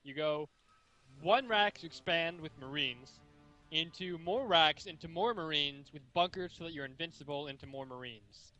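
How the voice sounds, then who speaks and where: A man's voice: a little high, normal speed, sharp tone, lo-fi sound. A man co-casting a live strategy game tournament, chatty and explaining strategy. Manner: chatty, explains builds, rambling. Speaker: esports co-caster. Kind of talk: casual live game commentary.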